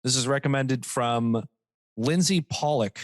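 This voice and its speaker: A man's voice: mid-range voice, a little slow, no room sound. A man co-hosting a casual comedy podcast, joking, reading quotes aloud mockingly and laughing often. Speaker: podcast co-host.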